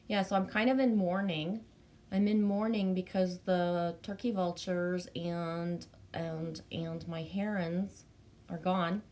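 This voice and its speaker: With a fairly low, darkish voice and fairly even intonation, a Canadian woman talks slowly on her casual livestream. Chatty and bubbly in her Canadian accent, she reads chat, greets viewers by name and swears casually.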